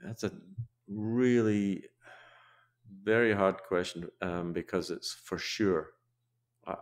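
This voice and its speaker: An older man, a podcast guest and researcher, chatting in an interview with a reflective, halting manner and frequent restarts. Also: low-pitched. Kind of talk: casual interview chat.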